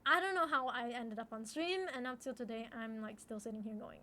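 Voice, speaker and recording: Young woman streamer, high sharp voice, chatty, repeats herself and laughs often, casual talk to chat. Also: expressive, a little slow, long pauses.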